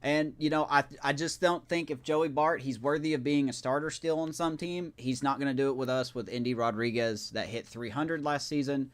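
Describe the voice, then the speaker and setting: A man's voice: medium pitch, steady tone, moderate pace, hardly any pauses. Rambling male gaming streamer. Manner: rambling, self-correcting, chatting with viewers. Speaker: live-stream gamer. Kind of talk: casual live-stream commentary.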